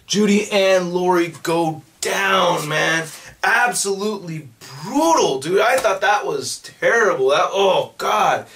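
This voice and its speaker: Excited man recapping a comic. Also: sits high, takes it slowly. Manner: animated, swears freely, acts out characters' lines. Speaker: comic book reviewer.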